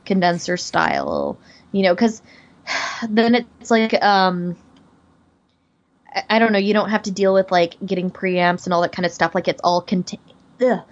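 A woman's voice: on the low side, big pitch swings, normal speed, long pauses, highs cut off. A young woman, a voice actor, talking casually in a podcast chat with lots of fillers and restarts. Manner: chatty, many fillers and restarts. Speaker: voice actor guest.

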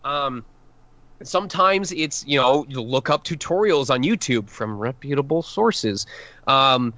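A man's voice: mid-range voice, lively intonation, a little slow, sharp tone, dry recording, muffled recording. A man voice actor giving advice in a podcast interview, earnest and emphatic, restarting his sentences often. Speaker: voice actor guest.

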